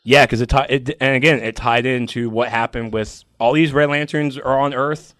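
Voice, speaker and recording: A man on a comic book podcast, chatting excitedly and emotionally, acting out scenes from the stories. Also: mid-range voice, moderate pace, no echo, studio quality. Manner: emotional, animated, acts out comic scenes in voices. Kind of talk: excited casual chat.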